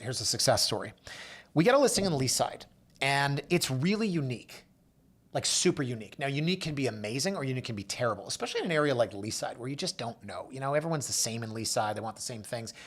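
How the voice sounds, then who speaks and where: A man's voice: animated, fast talker, a bit bright. A man hosting a real estate show, telling client stories in a casual monologue and acting out the people he quotes. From Canada. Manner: storytelling, acts out quoted voices with big pitch jumps. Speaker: realtor and show host.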